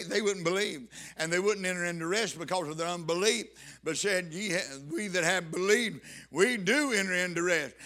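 A man's voice: sits high, bright, forceful tone. A man preaching a sermon to his congregation, reading scripture and pressing his points with fervent emphasis. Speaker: pastor.

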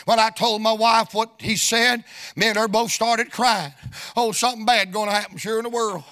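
A middle-aged man, preaching a storytelling sermon in a folksy, sing-song cadence that rises into shouts. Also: high voice, steady tone, moderate pace. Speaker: evangelist preacher.

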